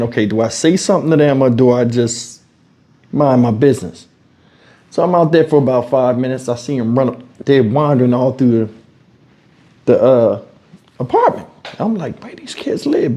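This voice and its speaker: Guy on a lapel mic telling a story at home, kinda high but mellow voice, acts out everyone, cusses a lot. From Houston, Texas. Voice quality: animated storyteller, acts out quotes, swears freely. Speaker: YouTube commentator. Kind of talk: casual storytelling vlog. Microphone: wireless lavalier mic.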